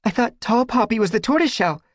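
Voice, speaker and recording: A man voicing a brave young female cat, crying out in shrill, breathless bursts. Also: lively intonation, a little fast, no echo. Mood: panicked.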